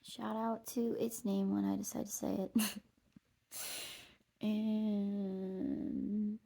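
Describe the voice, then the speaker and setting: A woman with a dark, mellow voice full of vocal fry tells a wandering personal story while out on a trail. She talks loosely and casually, drops a curse here and there, and laughs at herself. Her tone stays husky and low-key throughout. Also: little pitch movement, extremely slow. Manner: meandering, swears, laughs at herself. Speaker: vlogger. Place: outdoors on a walking trail.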